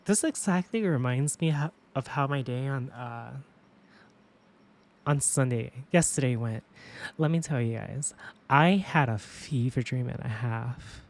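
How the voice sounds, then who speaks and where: A woman streamer chatting casually with viewers, telling stories in an animated way, swearing freely and laughing often. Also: very deep voice, unhurried.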